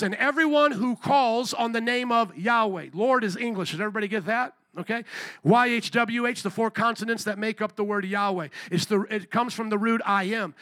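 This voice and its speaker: A man preaching a sermon with fervent call-and-response, pressing his listeners and at times shouting. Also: sits high, dry recording. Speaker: pastor.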